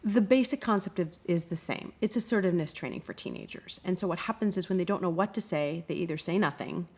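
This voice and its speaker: Expressive woman workshop leader. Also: lowish voice, fast, breathy edge. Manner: expressive, acts out quoted kids and parents. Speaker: anti-bullying workshop leader. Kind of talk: interview answers.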